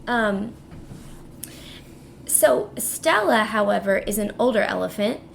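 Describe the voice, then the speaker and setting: A woman co-hosting a casual book podcast, summarizing a story in a relaxed way. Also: medium pitch, slow, creaky, slight background noise. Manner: relaxed summarizing with light laughs. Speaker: podcast co-host.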